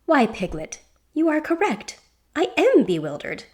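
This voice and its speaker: A woman's voice: sits high, huge pitch swings, unhurried, darkish tone, pitched above the performer's own voice, full character voice. A woman reading a book aloud and voicing a jovial, whimsical female boar with a quizzical manner and bursts of laughter. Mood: wondering.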